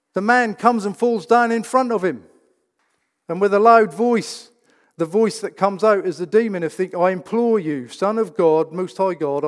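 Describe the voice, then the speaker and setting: A man preaching a sermon in a church, emphatic and full of rhetorical questions. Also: high-pitched. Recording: reverberant church hall.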